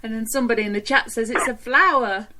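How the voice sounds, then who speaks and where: A woman's voice: on the high side, fast, bright, forceful tone, slight background noise. A woman with a British accent co-hosting a radio chat show, bubbly and giggly. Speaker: co-host.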